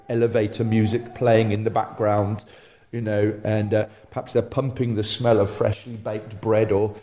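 A man preaching a sermon in an animated, conversational way, often restarting and repeating himself. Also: medium pitch. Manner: animated, repetitive, conversational storytelling with many restarts.

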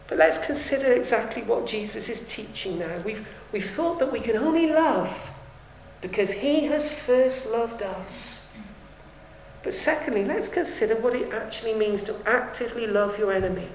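Woman preacher delivering a sermon with earnest fervour; slightly high voice, roomy echo. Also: lively intonation, moderate pace, a little mellow, a little hiss or hum. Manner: earnest, rising to fervent appeals. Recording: echoey room.

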